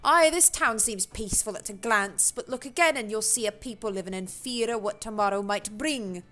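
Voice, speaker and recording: A woman voicing a gruff male seafaring innkeeper in a shaky put-on brogue, reading game dialogue aloud. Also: medium pitch, normal speed, pushed and bright, faint music behind, close to an everyday voice. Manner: wobbly put-on pirate-style brogue.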